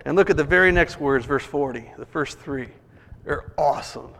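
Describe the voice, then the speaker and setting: Man, preacher, animated storytelling sermon, fairly high voice, long hall reverb. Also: normal speed, creaky.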